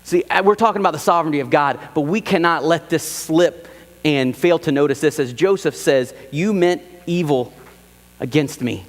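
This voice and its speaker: In a church sanctuary, a male pastor preaches a sermon, animated and emphatic, repeating key phrases and acting out quoted lines. His voice is a little high and brisk, echoing through a large hall.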